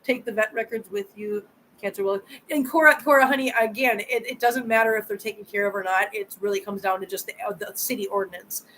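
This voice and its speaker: A woman's voice: mid-range voice, steady tone, quick pace, a bit bright, a little hiss or hum, low-quality recording. A woman hosting a live chat with viewers. She talks chattily, repeats words and answers comments directly. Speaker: channel host.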